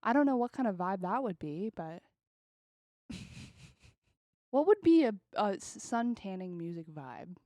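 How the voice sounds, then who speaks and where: A young woman co-hosting a podcast, telling stories in a casual, animated way and laughing often. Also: medium pitch, unhurried, pauses often, no room sound. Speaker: podcast co-host. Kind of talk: casual chat.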